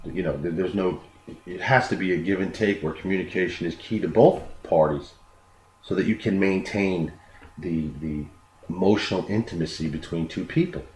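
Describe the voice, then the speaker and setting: A man with a deep, darkish voice gives an unscripted self-improvement talk at a moderate pace in an echoey room with faint noise. He is earnest, often repeats words as he explains, and acts out quoted dialogue.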